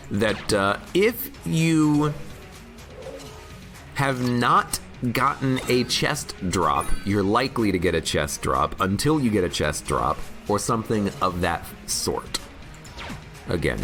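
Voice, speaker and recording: A man with a deep, hoarse voice worn rough by a cold chats his way through a game, rambling and poking fun at himself. His low voice still swings up and down a lot, with music playing clearly behind him. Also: a bit bright. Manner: rambling, self-mocking, quick asides. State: sick with a cold, voice hoarse and shot. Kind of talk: casual gameplay commentary.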